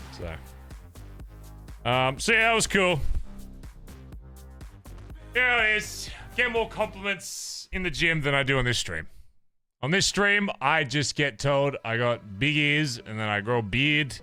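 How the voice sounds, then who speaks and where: A man's voice: a little high, measured pace, pauses often, faint music behind. A young Australian man with an Australian accent, chatting casually and swearing as he rants playfully to his stream viewers. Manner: animated, swearing, ranting playfully. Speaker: livestreamer.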